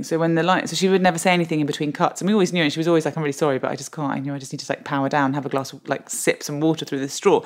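A woman in her thirties with a low voice tells self-deprecating stories as a podcast guest. She talks in quick bursts, laughing often as her stories build. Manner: animated comic storyteller, laughs often. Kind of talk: podcast interview.

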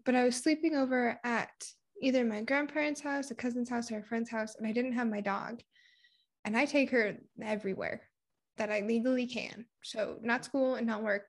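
A young woman from Puerto Rico, talking candidly in a casual conversation. Her voice sits a bit high, and she tells personal stories in a chatty way, acting out what people said. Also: steady tone, a little fast. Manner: candid, chatty storytelling with acted-out quotes.

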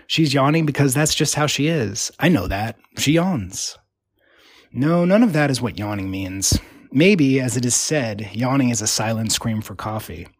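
A man narrating a literary story in a wry, rhythmic, deadpan way. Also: medium pitch, moderate pace, no room sound.

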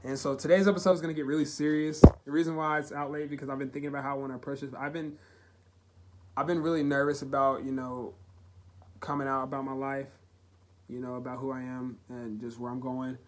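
A young man hosting his own podcast, talking earnestly and haltingly about personal struggles in a heartfelt, emotional way. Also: mid-range voice, level tone, background noise. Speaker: podcast host. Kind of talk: solo confessional podcast talk.

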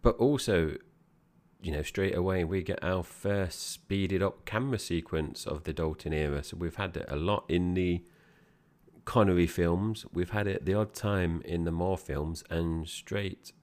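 A man's voice: sits low, a little slow, a little mellow. A man co-hosting a casual film review podcast, talking in a chatty, friendly way. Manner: chatty, friendly, calls partner mate.

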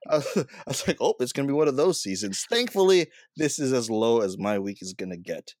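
A man's voice: mid-range voice, very animated, brisk, darkish tone, no echo, clean studio sound. A young man co-hosting a podcast, telling a story in casual chat and laughing often. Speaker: podcast co-host.

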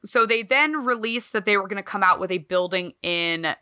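A woman co-hosting a podcast in casual chat, talking in an animated, swearing, self-mocking way. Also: medium pitch, moderate pace, clear, resonant tone. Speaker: podcast co-host.

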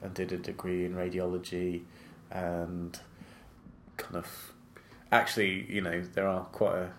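Very deep gravelly British man. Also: a little slow, slight background noise. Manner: relaxed, hesitant, many fillers. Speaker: guest. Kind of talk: casual conversational interview.

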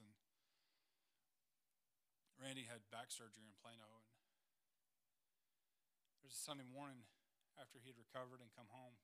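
A man's voice: medium pitch, sharp tone. A man, a church planter telling stories in a missions presentation, earnest and emotional, near tears at times.

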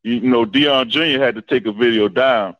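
A man's voice: medium pitch, moderate pace, no echo, lo-fi sound. A man calling into a sports show, bantering and playfully acting offended. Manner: playful, mock-offended, talks back. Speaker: caller. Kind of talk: casual phone-in banter.

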